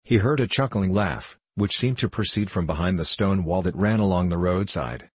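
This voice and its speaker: A man narrates a storybook chapter in a very low, husky voice. The recording is dry and close, with no room sound. He reads the characters' lines evenly, without putting on voices. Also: normal speed, dry recording. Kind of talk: audiobook narration.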